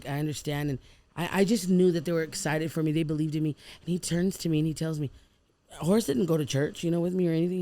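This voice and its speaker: Gravelly-voiced woman telling her story. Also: sits low, no echo. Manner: animated, acts out quoted people with slang and prayer. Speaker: podcast guest, food truck owner. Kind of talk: casual podcast storytelling.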